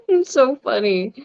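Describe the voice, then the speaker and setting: A woman's voice: sits high, dull audio. A woman with a Philadelphia accent hosting a casual interview, chatty and laughing often as she tells stories. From Philadelphia area, USA. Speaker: host.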